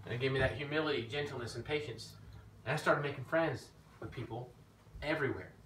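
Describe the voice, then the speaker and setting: A man preaching an informal teaching sermon, telling his own story in an animated way that rises when he gets emphatic. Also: mid-range voice, quick pace. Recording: echoey room, mic at a distance, faint background noise.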